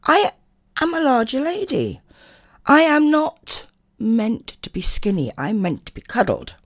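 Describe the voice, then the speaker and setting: An older woman hosting a radio show, chatting casually and reading listener messages, her voice a bit hoarse from a chest infection. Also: unhurried, no room sound, clean studio sound. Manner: chatty and animated, swooping pitch. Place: radio studio.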